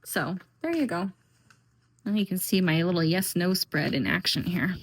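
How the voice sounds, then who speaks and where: A woman's voice: fairly low pitch, normal speed. A woman vlogging in a chatty, rambling way, talking casually and filling her sentences with "um" and "like". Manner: chatty and rambling, with frequent fillers and "like". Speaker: tarot and oracle deck vlogger. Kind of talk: casual chat.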